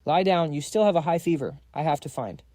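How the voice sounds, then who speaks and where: A man voicing a brisk doctor giving firm orders to a feverish patient. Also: fairly high pitch, lively intonation, warm tone, no room sound, clean studio sound, natural voice.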